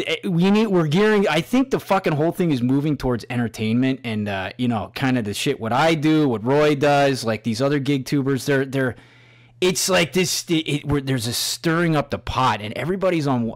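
Man ranting with a lively swinging pitch. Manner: loud, mocking, swears constantly, laughs at own jokes. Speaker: host. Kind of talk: profane ranting commentary.

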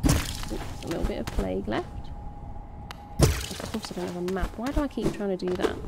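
A woman giving casual, excitable commentary as she plays a game, gasping and swearing at enemies. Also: medium pitch, fairly quick, creaky, pauses often, heavy background noise. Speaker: gaming streamer. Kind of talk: casual let's-play commentary. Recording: game music playing behind. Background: game music.

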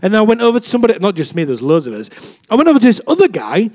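Lively high-voiced preacher. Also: male voice, rapid-fire. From England. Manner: chatty, self-deprecating, acts out quoted voices with big swings. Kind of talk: casual sermon with storytelling.

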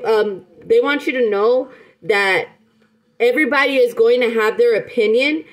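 A woman with a fairly high voice gives a casual tarot reading to camera. She talks in an emphatic, rambling way, breaks off and restarts often, and calls her listeners pet names. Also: poor audio. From United States. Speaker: tarot reader.

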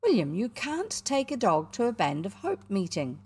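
A woman's voice: medium pitch, wildly swooping pitch, normal speed, a little mellow, husky. A woman with a New Zealand accent voicing a soothing, cheerful mother in a storybook reading.

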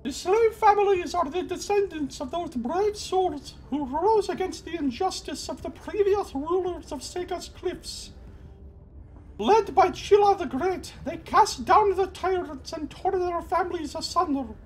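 A man voicing a haughty, formal female fish-person agent while reading game dialogue aloud, in a stiff, drawn-out manner. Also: very high voice, a little hiss or hum, pitched above the performer's own voice. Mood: proud.

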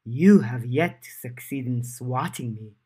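A man voicing a mocking fairy woman who speaks in a slow, sing-song, taunting way. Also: medium pitch, warm tone, slightly rough.

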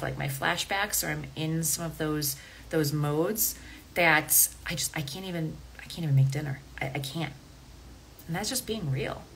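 A woman's voice: sits low, a bit bright, slight background noise, low-quality recording. A woman hosting a coaching podcast, talking casually and directly to listeners, often checking in with "okay?" and "right?". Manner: conversational, frequent "okay?" and "right?" asides. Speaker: podcast host and health coach.

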